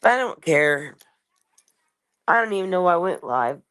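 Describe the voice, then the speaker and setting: A woman's voice: lowish voice, expressive, moderate pace, a bit bright. A woman chatting casually on a late-night live stream from home, rambling and stopping to talk to her cat. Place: home, kitchen.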